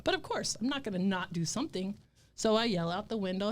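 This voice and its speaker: A woman's voice: mid-range voice, animated, fast, noisy background. Profane laughing woman storyteller. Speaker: guest telling a story.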